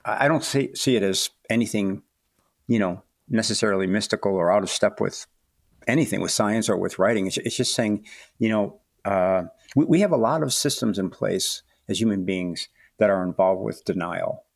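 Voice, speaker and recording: A man in his sixties, a guest author in a podcast interview, speaking reflectively with halting restarts. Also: on the low side, vocal fry, no echo, clean studio sound. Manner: thoughtful, halting, many restarts and "you know"s.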